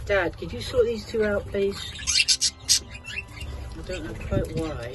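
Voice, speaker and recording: Slow-talking bird keeper in loud wind. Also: mid-range voice. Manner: chatty, coaxing the birds in a fond baby-talk tone. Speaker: budgie keeper vlogger. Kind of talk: casual vlog chat. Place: outdoor aviary on a windy day. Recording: loud wind noise outdoors. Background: budgies chirping.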